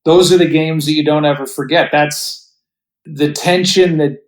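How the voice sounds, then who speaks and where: A middle-aged man chats as a podcast guest over a remote call. He sounds reflective and unhurried, often restarting sentences as he searches for his words. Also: fairly high pitch, fairly even intonation, poor audio. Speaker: guest broadcaster. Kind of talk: relaxed podcast storytelling.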